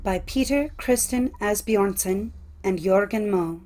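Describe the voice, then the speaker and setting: A woman reading old folk tales aloud in a measured storytelling cadence. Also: medium pitch, dark tone. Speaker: narrator. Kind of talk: scripted storybook narration.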